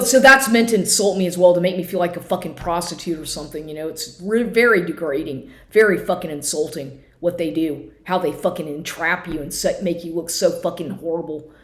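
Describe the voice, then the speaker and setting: A woman vlogger with a lowish, slightly mellow voice and roomy sound speaks at a moderate pace from her computer at home. She rants casually about a personal story, agitated and swearing often, restarting her sentences again and again.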